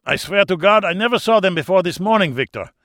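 A man voicing a terrified, sweating, pudgy Dutch man who pleads loudly in a high, panicky voice. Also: animated, fast talker, no room sound, studio quality. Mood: panicked.

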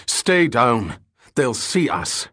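A man's voice: medium pitch, sing-song, drawn-out words, pushed and bright, dry recording, studio quality, full character voice. A man voicing a ruthless rebel leader who gives curt, commanding orders.

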